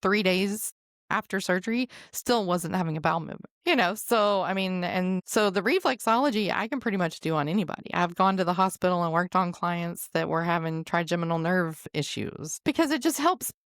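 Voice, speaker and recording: A woman's voice: lowish voice, a little fast, dry recording, studio quality. A woman who works as a massage therapist, chatting casually as a podcast guest with loose, hesitant phrasing. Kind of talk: casual conversation.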